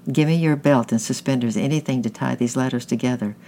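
A man reading the lines of a bold neighbor who takes charge, shouting orders in a storybook. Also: medium pitch, fast, close to an everyday voice. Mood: commanding.

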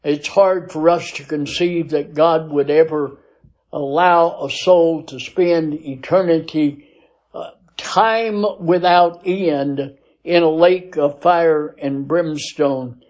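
A man teaching a Bible lesson, reading scripture aloud in a measured cadence and pausing often with "uh" as he explains. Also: fairly high pitch, fairly even intonation, darkish tone. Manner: slow, deliberate teaching with frequent "uh" pauses.

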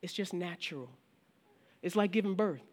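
A man with a high voice preaches to his congregation in a relaxed, conversational tone. He often stops and restarts his sentences. He also acts out the questions his listeners might ask him. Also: normal speed. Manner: frequent restarts and filler phrases. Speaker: pastor. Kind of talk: sermon.

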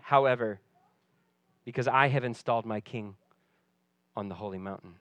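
Dry-sounding expressive male preacher. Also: mid-range voice, brisk, no room sound. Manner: expressive, drops to soft voice for quoted lines. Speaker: pastor. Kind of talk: sermon.

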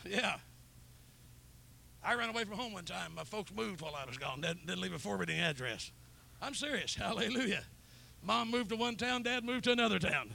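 A man's voice, pitched high with a gravelly edge, carries a revival sermon through a church. He is middle-aged and talks with fervent storytelling energy. Hallelujahs punctuate his lines. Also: animated, moderate pace, sharp tone, a little hiss or hum. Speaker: preacher. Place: church sanctuary.

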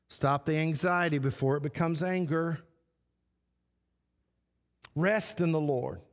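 A man preaching a sermon as pastor, slow and repetitive, stressing short phrases again and again. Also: a little high, fairly bright tone. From Texas. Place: church sanctuary. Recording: long church hall reverb.

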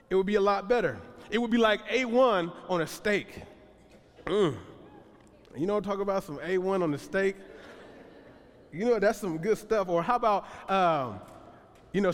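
A man's voice: high voice, moderate pace, pauses often. A man preaching a sermon in a conversational way, repeating phrases and putting questions to the congregation. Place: church sanctuary. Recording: long church reverb.

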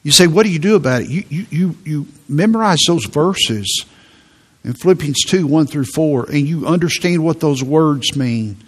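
A man's voice: on the high side, lively intonation, moderate pace, husky. A man preaching a sermon in an earnest tone, often repeating words as he presses a point.

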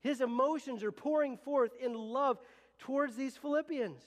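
A man's voice: very high voice, normal speed. A man preaching a sermon as pastor, earnest and conversational, often restarting his sentences. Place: church sanctuary. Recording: long reverb of a church hall.

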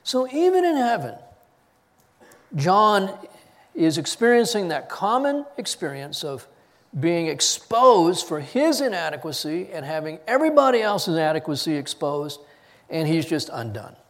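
Animated male preacher, fairly high voice. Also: moderate pace, big-room sound. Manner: animated preaching, rising loud for scripture readings, dropping low on key points. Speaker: pastor. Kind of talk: sermon.

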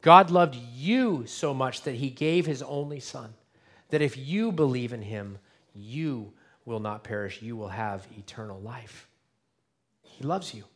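A man preaching an Easter sermon as pastor, earnest and direct, dropping to a hush and then rising to emphatic appeals. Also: mid-range voice, measured pace. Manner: earnest, dynamic swings between hushed and emphatic. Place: church sanctuary.

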